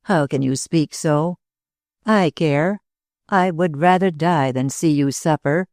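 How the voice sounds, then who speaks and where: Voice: mid-range voice, slow pace, a little mellow, no echo, studio quality. A narrator reading a weary, troubled young man. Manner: weary and anguished. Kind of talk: audiobook character reading.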